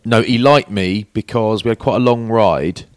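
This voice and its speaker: At a moderate pace and in a lowish voice, a man in his forties spins anecdotes as a podcast co-host, acting out the voices he quotes. It's clean studio audio with no room sound.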